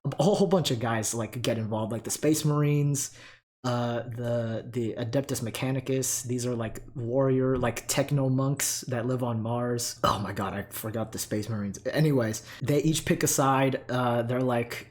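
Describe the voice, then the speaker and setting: A man's voice: medium pitch, normal speed, a little mellow. A young man casually explaining game lore, rambling and profane, with lots of fillers, his voice still recovering and short of breath.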